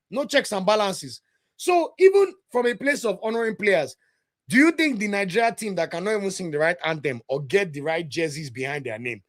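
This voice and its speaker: A football podcast host in full rant mode, his voice sitting noticeably high for a man. He talks straight to his live chat with blunt, heated conviction and a preacher-like rhythm. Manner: passionate, blunt, addresses chat directly; sermon-like delivery. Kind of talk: live watch-along commentary and rant.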